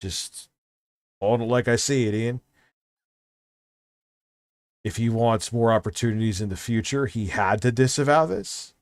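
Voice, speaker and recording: A man's voice: medium pitch, measured pace, long pauses, dry recording, clean studio sound. Blunt joking man with a New York accent. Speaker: streamer host reacting to videos. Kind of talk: casual live-stream commentary.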